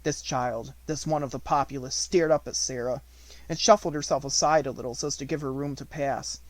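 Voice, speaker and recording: A man reading an unabridged audiobook in a measured storytelling manner, slowing on descriptive words. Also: mid-range voice, steady tone, no echo. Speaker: audiobook reader.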